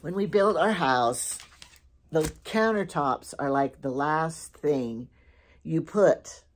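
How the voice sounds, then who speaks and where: A woman's voice: deep voice, takes it slowly, a little hiss or hum. A middle-aged woman chatting casually through a shopping haul, rambling from one story to the next. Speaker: lifestyle vlogger.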